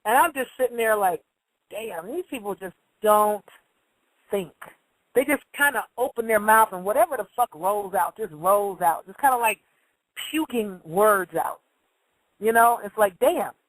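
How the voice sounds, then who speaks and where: A woman's voice: mid-range voice, normal speed, dry recording, low-quality recording. A woman hosting a casual monologue who tells stories bluntly, swears freely and acts out the voices of the people she quotes. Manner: blunt storytelling, profane.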